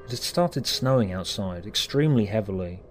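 A man telling a horror story in a measured, dramatic way, with music playing behind. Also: fairly low pitch, lively intonation. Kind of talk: scripted horror narration. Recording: narration over music.

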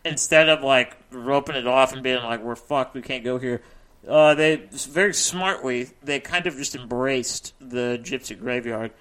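A man's voice: medium pitch, fairly bright tone, clean tone. A man chatting casually on a podcast, cracking jokes and swearing freely. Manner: joking, profane, quick asides. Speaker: podcast co-host. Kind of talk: casual chat.

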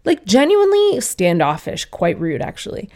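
A woman's voice: mid-range voice, wildly swooping pitch, normal speed, a little mellow. A young woman telling a candid, swearing personal story as a casual monologue and acting out the people she quotes.

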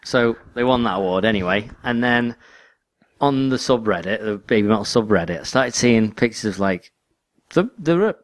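A man's voice: on the low side, expressive, normal speed, dry recording. A man co-hosting a podcast in casual chat, rambling and restarting his sentences. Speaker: podcast co-host.

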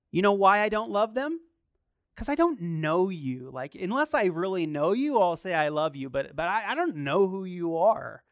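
A middle-aged man, a pastor, preaching a sermon in an animated, emphatic way, mixing chatty restarts with rising bursts of force. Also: sits high, moderate pace, dry recording, clean studio sound.

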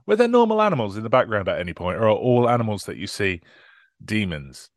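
A man's voice: lowish voice, sing-song, fast talker, dry recording, studio quality. A man hosting a casual podcast chat, joking in a wry way. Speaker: podcast host.

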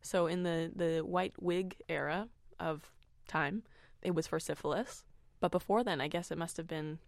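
A woman's voice: fairly low pitch, moderate pace, no room sound, studio quality. A woman in casual snack-tasting chat, making wry, teasing quips.

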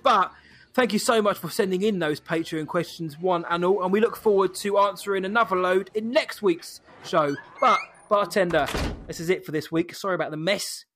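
A man co-hosting a podcast, chatty and jokey, wrapping up the episode. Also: high-pitched. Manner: jokey, chatty, wraps up the show. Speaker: podcast co-host. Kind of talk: casual podcast chat.

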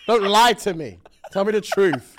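A man's voice: high-pitched, expressive, fairly bright tone, a little hiss or hum. Young man, chatty co-host. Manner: laughing, backing up his co-host with quick agreements. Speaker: podcast co-host. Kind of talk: casual chat.

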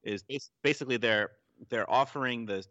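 A man's voice: medium pitch, normal speed, bright, forceful tone, no room sound, muffled recording. A man co-hosting a casual chat, speaking emphatically. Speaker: podcast co-host.

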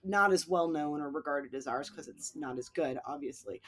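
A woman's voice: low voice, normal speed, a bit bright, husky. A woman co-hosting a podcast, talking about films in a casual, wry, self-deprecating way with plenty of swearing. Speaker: podcast co-host. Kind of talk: casual film chat.

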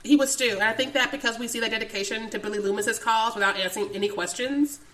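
Woman, podcast co-host, casual chat, blunt, laughs a lot, higher pitch. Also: fast, fairly bright tone. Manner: frank, laughs often, keeps saying "listen". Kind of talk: casual film discussion.

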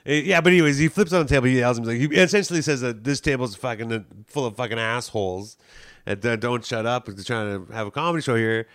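A man's voice: medium pitch, fast, fairly bright tone, no room sound, studio quality. Rambling, profane Canadian man telling stories. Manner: rambling, profane storytelling with frequent restarts and laughter. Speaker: comedian and podcast co-host. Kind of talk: casual chat.

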